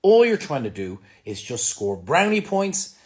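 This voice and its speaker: Irish male restaurant owner, vlogger, blunt and sweary, fairly high, very animated pitch. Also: a little slow. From Ireland. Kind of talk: ranting vlog monologue to camera.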